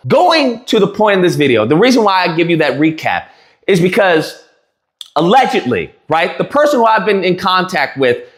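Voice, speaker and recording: A man tells the story in a heated, mocking rant, laughing at his own jabs and tripping over restarts. His voice sits high and swings widely in pitch. The room around him rings with echo. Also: fairly bright tone. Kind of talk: animated ranting recap to camera. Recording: roomy echo.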